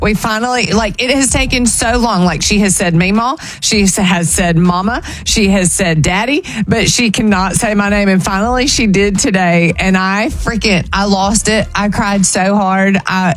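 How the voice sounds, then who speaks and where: A young woman hosting a morning radio show, chatting in a gushing, emotional way from the studio. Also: medium pitch. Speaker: radio host.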